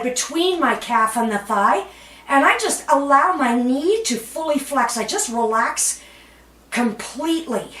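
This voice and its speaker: A fairly high-voiced woman leads a floor workout at an unhurried pace, chatty, laughing at herself, with cheerful whoops. She sounds slightly out of breath from exercising. The camera mic sits some way off in a roomy, echoing space. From Canada. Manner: calm cueing with bursts of cheerful whoops. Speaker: fitness instructor. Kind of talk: guided exercise instruction. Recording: roomy echo, voice from a distance.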